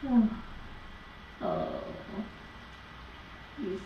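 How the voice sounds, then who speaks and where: Kitten caretaker, woman, slow sing-song baby talk, dull noisy livestream audio from across the room. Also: on the high side, roomy sound, distant mic. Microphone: room camera mic from a distance.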